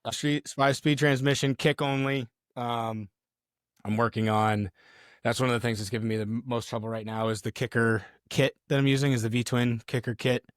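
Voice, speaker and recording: A man's voice: mid-range voice, level tone, normal speed, clean tone, dry recording, studio quality. A man co-hosting a podcast in casual chat, laid-back and explaining things step by step. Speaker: podcast co-host.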